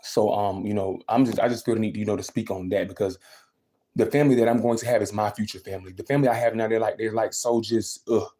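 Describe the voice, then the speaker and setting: Young man, quick emphatic livestream rant, low and warm. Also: steady tone. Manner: venting, emphatic, repeats himself. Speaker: livestreaming vlogger.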